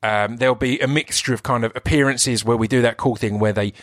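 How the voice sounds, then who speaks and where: A man's voice: medium pitch, fairly even intonation, brisk, no room sound, clean studio sound. A man with an Essex accent hosting his own podcast in an enthusiastic, rambling way, often breaking off and restarting. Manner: enthusiastic, rambling, self-interrupting. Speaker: podcast host and actor. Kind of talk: solo podcast intro.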